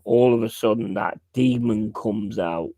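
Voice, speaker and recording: A man's voice: lowish voice, a little slow, mellow, dry recording. A man hosting a casual chat, blunt and swearing freely. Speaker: host.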